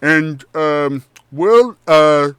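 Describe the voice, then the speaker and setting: A man's voice: a little high, lively intonation, drawn-out words, clear, resonant tone, dry recording. A man voicing a distracted, chatty candy-apple-headed man who talks as if his mouth is full. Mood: chatty resigned. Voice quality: mushy, as if talking with a full mouth. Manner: rambling, cheerfully resigned.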